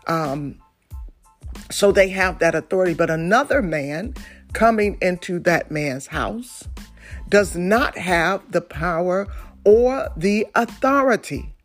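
A woman's voice: on the low side, animated, slow, soft background music. A woman preaching a sermon in a conversational way, with fillers and restarts.

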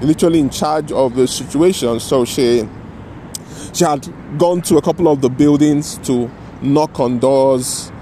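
A man's voice: mid-range voice, measured pace, dark tone, slight background noise. A man telling a personal story in a casual, rambling way, often adding "you know" and "right?" and restarting his sentences. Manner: restarts and self-corrections mid-sentence.

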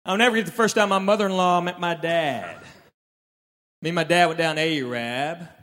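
A man's voice: on the high side, fairly quick. A man performing a stand-up routine, telling stories and acting out his relatives' lines. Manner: animated storyteller, acts out relatives' lines. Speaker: stand-up comedian. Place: live stage in a large hall. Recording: reverberant live hall, faint room noise.

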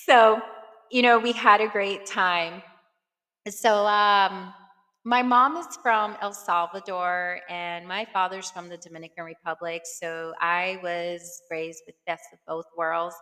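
A woman in her thirties talks casually on her podcast, full of fillers and openly emotional. Her voice sits low for a woman but sounds bright and forward. A long reverb trails behind her words. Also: fairly even intonation, slow. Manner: chatty and warm-hearted, many fillers, emotional at times. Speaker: podcast host. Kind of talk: casual personal chat.

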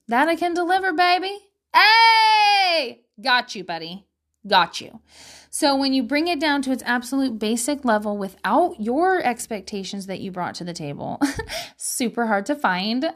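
A woman's voice: high-pitched, a bit bright. A woman talking casually at home to her viewers about parenting, candid and swearing freely, with frequent laughter. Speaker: parent sharing parenting advice.

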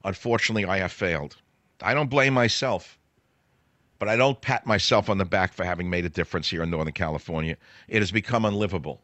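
A man's voice: medium pitch, bright, forceful tone, no echo. A man hosting a talk radio show, giving a sarcastic, indignant political monologue with scornful asides.

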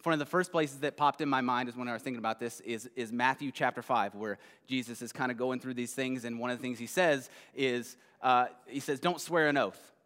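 A male pastor giving a casual sermon, retelling a children's story in a conversational way and often checking in with a quick "right?". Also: medium pitch, fairly bright tone. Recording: long hall reverb.

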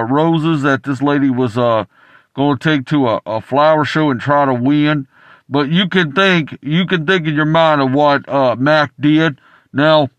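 A man on a call-in show, telling a story with many stumbles and "uh"s. His voice is fairly high for a man, and the sound is dry and close. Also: fairly bright tone, clean tone, no room sound. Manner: rambling, stumbling, many restarts and fillers. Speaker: caller. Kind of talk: rambling anecdote.

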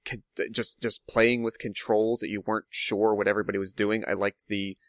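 A man's voice: on the low side, little pitch movement, brisk, dry recording, studio quality. A man discussing a movie in casual chat, rambling and thinking aloud with lots of fillers.

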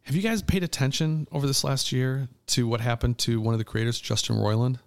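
A man's voice: mid-range voice, brisk, gravelly, smooth. A man chatting casually as a podcast co-host, telling stories animatedly with fillers and restarts. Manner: animated storytelling, trails off with fillers. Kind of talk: casual chat.

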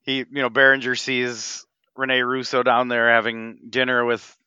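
Smooth-voiced man, laid-back podcast chat. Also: medium pitch, little pitch movement, moderate pace, pushed and bright, dry recording, lo-fi sound. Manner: laid-back, agreeing, laughs often. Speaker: podcast co-host. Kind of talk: casual movie podcast chat.

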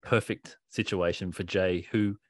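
A man co-hosting a podcast in casual chat, animated, swearing and laughing often. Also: low-pitched, measured pace, no echo, clean studio sound. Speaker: podcast co-host.

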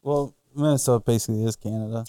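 A man's voice: medium pitch, steady tone, quick pace, mellow, clear, resonant tone, no echo. A man co-hosting a casual podcast chat who makes blunt, opinionated remarks. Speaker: podcast co-host.

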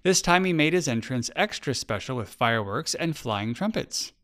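A man, the author, narrating his children's story in an expressive, measured way. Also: mid-range voice. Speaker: author reading his book.

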